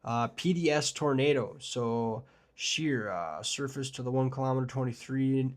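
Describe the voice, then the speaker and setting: Speaking at normal speed and medium pitch, a man hosts a live weather stream, talking loosely with his viewers in a forecast discussion with chat. He meanders through his points using lots of fillers and gets openly excited about big storm setups.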